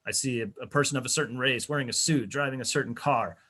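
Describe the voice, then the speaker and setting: A man's voice: mid-range voice, fast talker, pushed and bright. A man presenting a teaching webinar over a video call. He keeps it casual and interactive, often asking "right?" and acting out little everyday dialogues. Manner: conversational, many "right?" and "you know" tags; acts out everyday dialogue in quotes. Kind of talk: casual interactive workshop talk.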